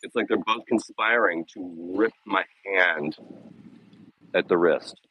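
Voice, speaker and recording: Taking things slowly, a man with a low-pitched, husky voice live-streams his dog walk on an outdoor city path. He talks casually and bluntly, with sarcasm and plenty of swearing. There's no room sound, and the highs are cut off.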